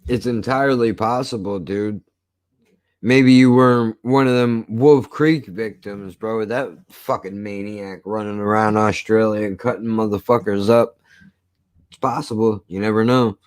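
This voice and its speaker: A man hosting a casual chat, talking in a blunt, profane and cynical way, his voice rough from years of smoking. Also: fairly low pitch, steady tone, measured pace, no room sound. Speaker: host.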